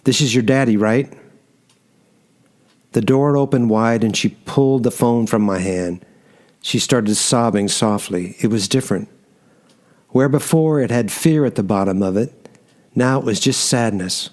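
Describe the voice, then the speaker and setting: A man reading a first-person story aloud in a measured storytelling manner. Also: mid-range voice, darkish tone. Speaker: narrator. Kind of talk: first-person audiobook narration.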